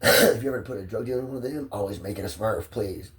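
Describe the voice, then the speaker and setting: A man's voice: on the low side, fast talker, fairly bright tone, recorded from a distance. A stressed man rambling profanely into his phone, drifting from one idea to the next. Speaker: vlogger.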